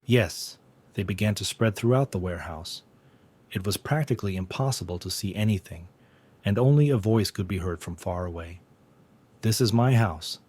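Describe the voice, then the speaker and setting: A man narrating a comic story recap in steady, plain, scripted storytelling. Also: deep voice, normal speed, slightly rough.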